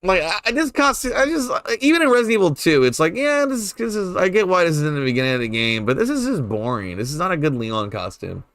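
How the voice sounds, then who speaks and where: A man's voice: high voice, sing-song, fast, few pauses, fairly bright tone, no room sound. A young man giving casual, rambling commentary while he streams a game, swearing freely and laughing often.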